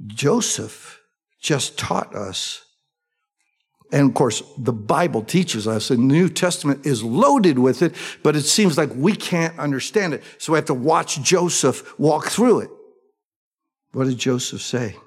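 A man's voice: medium pitch, slightly rough. A man preaching a sermon with fervor, throwing rhetorical questions to his listeners. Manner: fervent, rhetorical questions to the congregation.

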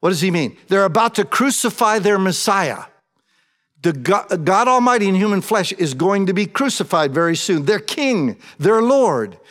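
A man's voice: high-pitched, big pitch swings, moderate pace, fairly bright tone, long reverb tail. A man preaching a sermon, addressing the congregation and acting out quoted prayers with feeling.

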